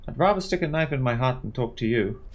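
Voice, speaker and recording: A man's voice: mid-range voice, animated, quick pace, highs cut off, voice pushed up, lightly acted. A man voicing a hysterical, tearful young woman who shrilly accuses and insults. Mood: tearful, furious.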